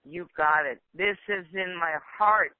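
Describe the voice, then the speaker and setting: A woman calling into a conference call, earnest and emotional, talking in halting bursts with fillers. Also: lowish voice, no echo. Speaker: caller. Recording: tinny phone line.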